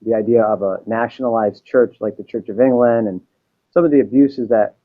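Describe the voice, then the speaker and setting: A man from Massachusetts answering interview questions in a measured, explanatory way. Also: medium pitch, fairly even intonation. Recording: dull, lo-fi sound.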